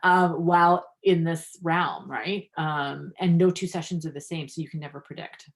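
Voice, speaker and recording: A woman's voice: low voice, normal speed. A woman guest coach talking in a podcast interview, earnest and filler-heavy, livening up when she tells stories about her classes. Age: adult, practicing five years. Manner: earnest, many fillers, lively when telling anecdotes.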